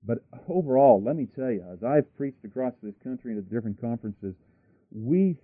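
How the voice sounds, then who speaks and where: A man's voice: mid-range voice, animated, a little fast, husky, no room sound. A man preaching a sermon emphatically, with rhetorical questions, asides and frequent restarts. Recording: dry, tinny radio broadcast.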